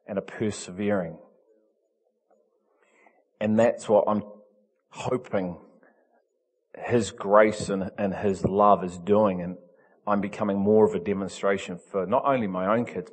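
A male pastor, preaching in an animated, emphatic way that swings from loud to soft. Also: fairly low pitch, breathy edge, in a large hall. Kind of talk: storytelling sermon.

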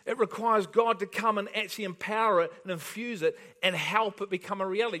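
Man, pastor, emphatic sermon, rhetorical questions, high-pitched voice. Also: brisk, few pauses, sharp tone.

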